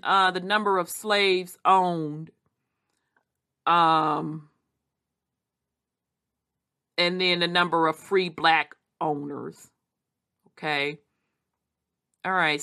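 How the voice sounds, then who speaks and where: A woman reading history aloud and adding animated, casual commentary. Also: on the low side. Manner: animated, quick asides, Southern Black vernacular.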